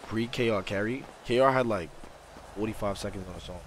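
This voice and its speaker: A young man with a low, deep voice live-streams a game and reacts out loud to his chat. He talks in loose, excitable slang, hyping things up and then joking around. A faint hiss sits under the recording. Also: a little fast. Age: young adult. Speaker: livestreamer. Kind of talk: casual live-stream chat over gameplay.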